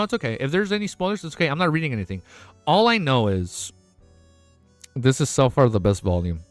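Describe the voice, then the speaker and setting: A young male streamer talks fast and excitedly to his chat, rambling, swearing and laughing as he gets overstimulated. His voice sits on the higher side and swings widely in pitch. The sound is dry and close, with faint music underneath. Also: no room sound. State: overexcited and lightheaded. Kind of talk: excited casual livestream chat.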